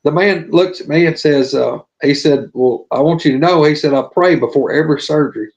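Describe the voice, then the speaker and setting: A man tells a story in a drawling, earnest, folksy way. His voice sits a little high. The audio is dull and lo-fi. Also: brisk, a little mellow. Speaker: podcast guest telling his story. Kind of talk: casual storytelling.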